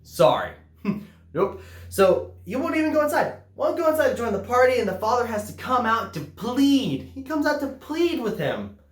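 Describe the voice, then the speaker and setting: A woman preaching a sermon in a lively, conversational way. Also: on the high side, moderate pace, roomy sound.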